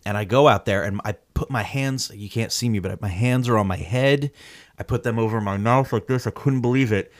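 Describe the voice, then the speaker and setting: A man with a fairly low voice tells a story casually, acting out each moment as he goes. His delivery is animated and chatty, and his sentences are loaded with "like". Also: fairly quick. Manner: animated, acts out the scene, lots of "like".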